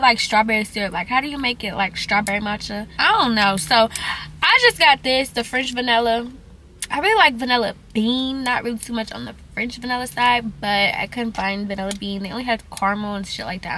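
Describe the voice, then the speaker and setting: A woman's voice: fairly high pitch, sharp tone, a little hiss or hum. A young woman, talking in a rambling, slangy, casual vlog style into her phone. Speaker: vlogger.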